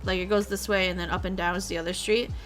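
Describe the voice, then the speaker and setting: A woman's voice: lowish voice, flat delivery, quick pace, a bit bright, faint music behind. A young woman streamer chatting casually, rambling along and swearing freely. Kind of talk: casual chat.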